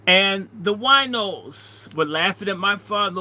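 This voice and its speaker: A middle-aged man, a minister, telling a story in an animated way, swinging between loud and hushed. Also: high-pitched, measured pace, hardly any pauses. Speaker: minister and speaker. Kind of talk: storytelling talk.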